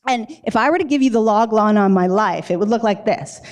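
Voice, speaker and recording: A woman from New York giving a lively, conversational storytelling talk as a company CEO at a live event. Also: medium pitch, fairly quick. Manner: lively, chatty, acts out dialogue with "I'm like". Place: live event in a loft space.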